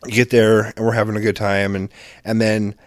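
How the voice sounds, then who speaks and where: A man's voice: moderate pace, no room sound, clean studio sound. A man co-hosting a casual podcast, telling a story with lots of swearing and acting out quoted exchanges. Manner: animated, swearing, acts out quoted exchanges with big pitch jumps. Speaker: podcast co-host.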